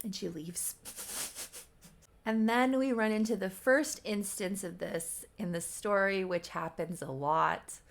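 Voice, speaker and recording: Gravelly woman riffing on her old story. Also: medium pitch, slow. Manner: amused, wry asides. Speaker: creator rereading her own story. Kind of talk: casual riffing read-aloud.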